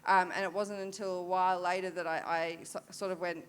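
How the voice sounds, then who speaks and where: A woman's voice: fairly low pitch, little pitch movement, a little fast, clean tone. An Australian woman in her thirties, a para-dressage rider, candidly telling a story at a forum, with many fillers and restarts.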